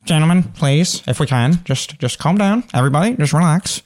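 Man playing a folksy gnome peacemaker, soothing, raised pitch. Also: expressive, fairly quick, darkish tone, lightly acted.

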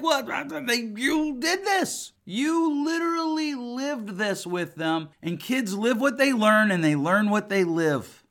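This is a family therapist and podcast host in his forties, speaking in a relaxed, forceful, blunt way on his show. He has a high voice with a fairly bright tone.

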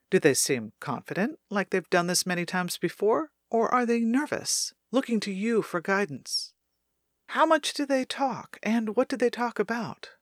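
A woman reads her own self-help audiobook in a calm, measured way, leading the listener step by step through an exercise. Her pitch sits in an ordinary middle range. The recording is very dry, with no room sound around her voice. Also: no echo.

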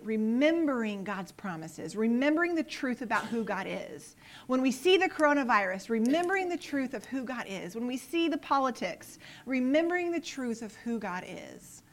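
A woman's voice: on the high side, animated, normal speed. A woman giving an earnest Bible teaching on the Psalms, emphatic and fond of repeating her phrases.

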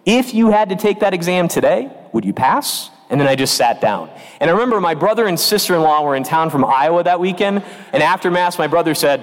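A man preaching a homily as parish priest, telling stories with animated quoted voices, recorded in a church. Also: a little high. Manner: storytelling with lively quoted voices. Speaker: pastor. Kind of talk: sermon. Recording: long reverb of a church.

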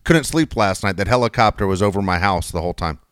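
Casting: man with a lowish, expressive voice, easygoing chat, dry close sound. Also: clean tone, no echo. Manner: relaxed, laughs often, quick reactions. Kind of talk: casual chat.

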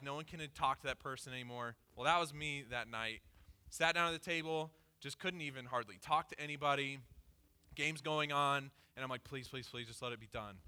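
A pastor giving a conversational sermon, candidly telling a personal story with lots of "like" fillers. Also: male voice, on the high side, pushed and bright, smooth. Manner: casual and candid, peppered with "like".

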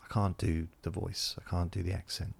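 Deep gravelly man rambling comically. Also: normal speed. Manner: self-deprecating, rambling, deadpan asides. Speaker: comedian and podcast host.

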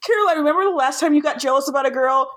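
A woman's voice: high-pitched, very fast, fairly bright tone. A woman co-hosting a podcast, tossing in wry asides and laughing often in casual chat. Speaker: podcast co-host. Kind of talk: casual rewatch recap chat.

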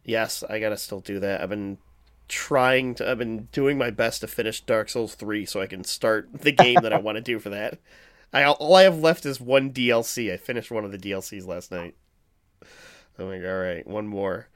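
A man's voice: lowish voice, moderate pace, a bit bright. Laughing, foul-mouthed podcast host man. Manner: laughs often, swears freely. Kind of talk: casual podcast chat.

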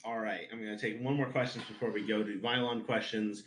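A man hosting a podcast interview, briskly reading out the listener questions. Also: fairly low pitch, steady tone, fairly bright tone, a little hiss or hum. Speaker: podcast host. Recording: roomy echo.

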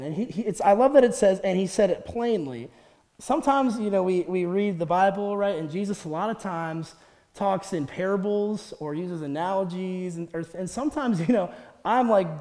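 A young man with a high, mellow voice gives a chatty guest sermon, laughing often and acting out the quotes he tells. His voice rings out with the long reverb of a large hall. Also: animated, brisk. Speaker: guest speaker. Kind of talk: casual sermon.

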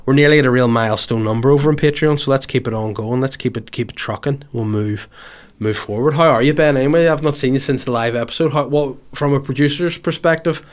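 A man hosting a casual podcast, his voice still a little hoarse from illness. He jokes and rambles, jumping between loud bursts and mumbled asides. His pitch sits in the middle range. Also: quick pace, few pauses. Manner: animated, jokey, swings loud and soft. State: hoarse after covid. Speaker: podcast host.

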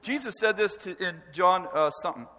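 A man preaching a sermon with animated, emphatic delivery and stresses that rise to a shout. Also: high-pitched, brisk, background noise. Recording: long hall reverb.

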